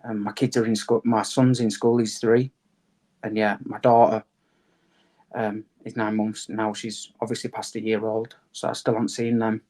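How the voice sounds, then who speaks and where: A man tells things in a matter-of-fact way. His voice stays flat and even in pitch. He talks like a podcast guest answering questions. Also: normal speed. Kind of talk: interview answers.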